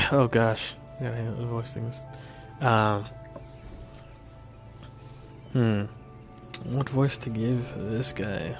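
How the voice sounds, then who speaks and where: A man's voice: mid-range voice, steady tone, extremely slow, vocal fry, long pauses, soft background music. A male streamer making chatty, self-deprecating comments while playing a game. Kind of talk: casual gameplay commentary.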